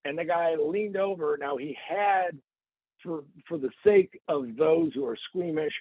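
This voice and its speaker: A man's voice: fairly high pitch, a little slow, husky, no room sound. A man hosting a podcast in casual, joking chat, telling stories with playful asides. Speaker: podcast host. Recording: tinny phone-like line.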